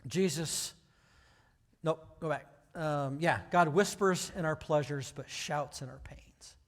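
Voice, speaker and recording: Pastor, male, a sermon that moves from easy talk to forceful emphasis, slightly high voice, church reverb. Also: takes it slowly. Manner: conversational preaching that builds to loud, emphatic passages. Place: church sanctuary. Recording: hall reverb.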